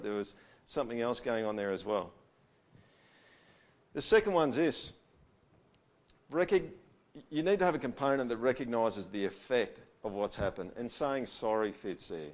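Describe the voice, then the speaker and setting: A middle-aged man, giving a conversational talk to an audience on handling conflict. He acts out sample apologies and often checks in with "all right?". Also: medium pitch.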